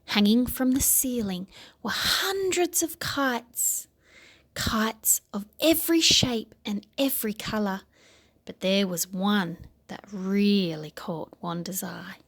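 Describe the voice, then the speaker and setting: A woman narrating a children's storybook with expressive, dramatic emphasis. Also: mid-range voice, slow, husky. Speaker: audiobook narrator.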